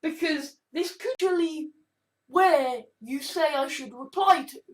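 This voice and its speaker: A woman's voice: sits high, takes it slowly. Swearing, exasperated woman vlogger. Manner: profane, exasperated, rambling. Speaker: YouTube vlogger. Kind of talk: casual vlog monologue.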